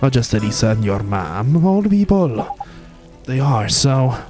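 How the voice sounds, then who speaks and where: Over game music, a man with a medium-pitched, sing-song voice speaks a little slowly, voicing a chatty, boastful little male fairy sidekick with a Welsh accent. Teasing, he ends lines with tag questions while explaining things.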